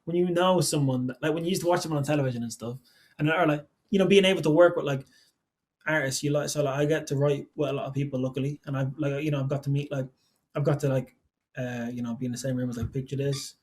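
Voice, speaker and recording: A man's voice: mid-range voice, steady tone, quick pace. A young man in his twenties, a podcast guest and songwriter, talking casually, rambling with lots of fillers and poking fun at himself. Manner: rambling, filler-heavy, self-deprecating.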